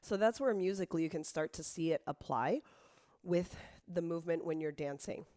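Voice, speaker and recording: A woman in her thirties teaching an online dance lesson, hoarse from being sick and tired, counting beats and calling out moves while she dances. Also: on the low side, moderate pace, warm tone. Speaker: dance instructor.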